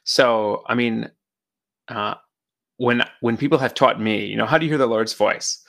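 A man's voice: mid-range voice, moderate pace, creaky, a bit bright. A man co-hosting a faith podcast, reflecting in casual conversation and thinking aloud with many fillers. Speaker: podcast co-host.

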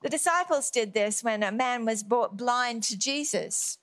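A woman's voice: fairly high pitch, unhurried, a bit bright, dry recording. A woman giving a devotional Bible teaching, earnest and emphatic, often repeating key words. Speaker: preacher.

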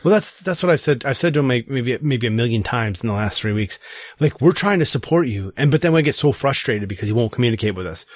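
Animated middle-aged man telling stories. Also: medium pitch, fast talker, no echo. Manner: animated storytelling, acts out family dialogue. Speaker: podcast co-host. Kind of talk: casual chat.

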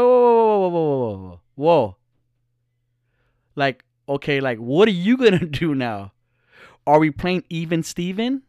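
A man's voice: fairly high pitch, no room sound, studio quality. A man who is a podcaster and social media personality, telling a story as a casual monologue. He talks in a profane, ranting way.

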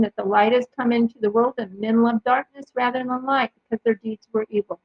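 A woman hosting a podcast, reading Bible passages aloud in a careful, measured way and adding short personal commentary. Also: on the high side, dry recording. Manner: careful, measured reading with occasional small slips. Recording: dull lo-fi dry recording.

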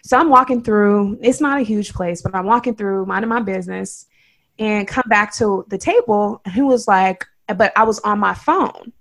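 A woman from Oakland with a Bay Area accent, co-hosting a podcast and telling a story in an emphatic, animated way. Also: mid-range voice, moderate pace. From Oakland, California. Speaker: podcast co-host. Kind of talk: casual storytelling chat.

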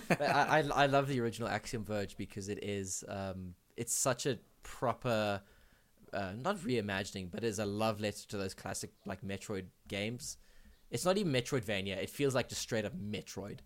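A young man co-hosting a gaming podcast, chatting casually in an excitable, rambling way with lots of fillers and restarts. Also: lowish voice, normal speed. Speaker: podcast co-host. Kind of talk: casual chat.

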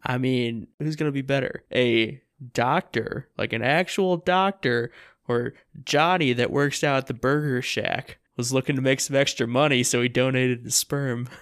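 A man's voice: medium pitch, moderate pace, fairly bright tone, no echo, clean studio sound. A man co-hosting a podcast, chiming in with laid-back jokes. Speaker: podcast co-host. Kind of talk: casual podcast chat.

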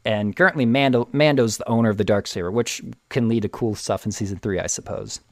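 A man casually retelling a TV episode with excitement, often restarting and repeating words. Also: lowish voice, fairly quick, no echo, clean studio sound. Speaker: show recap host.

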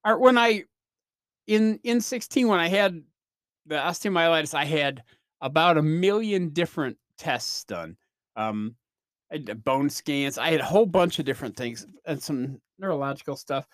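A man's voice: fairly high pitch, lively intonation, moderate pace, fairly bright tone, dry recording, studio quality. Rambling, self-deprecating male podcaster. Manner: rambling, self-deprecating storytelling with frequent fillers. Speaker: podcast host. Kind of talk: casual solo podcast monologue.

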